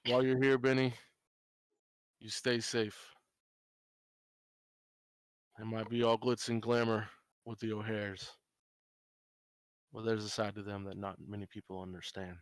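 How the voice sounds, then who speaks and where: A tired small-town police chief, put on by a man running the game, talking in a low, guarded voice. He sounds close and dry, with no room around him. His delivery stays low-key and sinks toward a murmur when he mentions something delicate. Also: little pitch movement, a little slow, long pauses, no echo, lightly acted. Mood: warning. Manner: low-key, guarded, drops to quiet asides. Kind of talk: tabletop role-play character voice.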